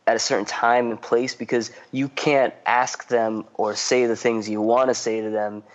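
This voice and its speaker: A podcast co-host chatting in a loose, rambling way with casual swearing. His voice sits at a middle pitch, and the recording sounds dull and lo-fi. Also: little pitch movement, moderate pace.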